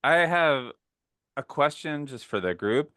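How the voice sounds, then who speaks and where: A man from the northern US talking as a player in a tabletop game. His pitch swings lively up and down as he chats, and he laughs easily. The sound is dry and close. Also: measured pace, no room sound. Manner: chatty, laughs often.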